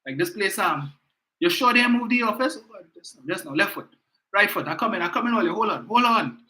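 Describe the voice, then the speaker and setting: A man's voice: sits high, expressive, a little fast, sharp tone, voice pushed up, heavily acted. A man putting on the voice of a frail older woman politician who needs help walking, fussy and short of breath. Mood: breathless. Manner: breathless, fussy, step-by-step mocking.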